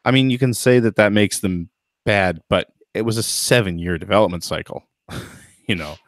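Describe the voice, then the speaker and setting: A man's voice: on the low side, moderate pace, no echo, clean studio sound. A man hosting a podcast in casual chat, thoughtful and hedging, with lots of fillers and restarts. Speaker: podcast host.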